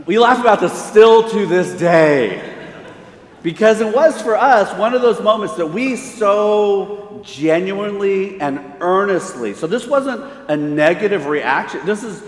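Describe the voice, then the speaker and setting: A middle-aged man giving a conference talk in a loose, conversational way, slipping into the voices of the people in his stories. His voice sits a little high for a man. The sound is roomy, with a long reverb trailing off in a big hall. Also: measured pace. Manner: conversational, animated storyteller acting out quoted voices. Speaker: pastor and conference speaker. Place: large hall.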